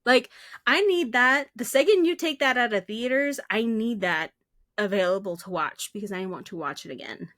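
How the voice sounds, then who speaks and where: A woman's voice: a little high, moderate pace, dry recording, clean studio sound. A woman co-hosting a podcast in casual, chatty talk, filled with "like" and "um". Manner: chatty and animated, with many fillers. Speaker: podcast co-host.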